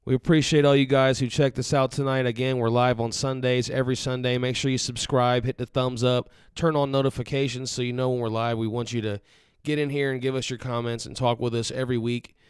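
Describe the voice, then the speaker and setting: A man hosting a postgame fan chat, steady and upbeat as he plugs the show. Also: medium pitch, fairly quick, smooth, no echo, studio quality. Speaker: host.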